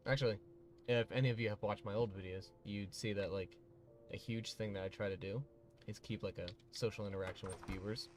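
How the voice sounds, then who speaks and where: A man's voice: on the low side, steady tone, fairly quick, faint music behind. A man chatting casually with viewers while livestreaming a game, rambling with lots of fillers. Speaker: gaming livestreamer.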